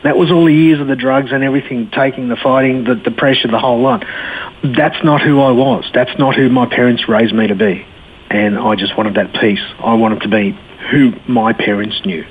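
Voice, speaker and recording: A man's voice: mid-range voice, steady tone, moderate pace. A man in his forties with an Australian accent, a blunt, laid-back guest telling his life story and laughing easily. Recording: tinny phone-line sound, faint hiss.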